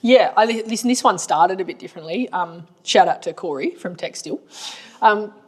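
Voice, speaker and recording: A woman's voice: medium pitch, moderate pace, a little mellow, husky. An Australian woman co-hosting a business podcast, talking casually as a marketing agency owner with a blunt, colloquial, storytelling manner.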